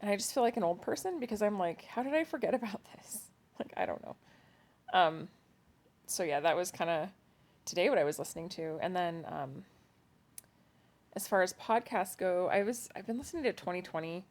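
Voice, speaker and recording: Woman podcast co-host, low-pitched, relaxed and chatty, quick to laugh at herself. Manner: chatty, self-deprecating, laughs often. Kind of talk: casual chat. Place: home at night, kids asleep nearby.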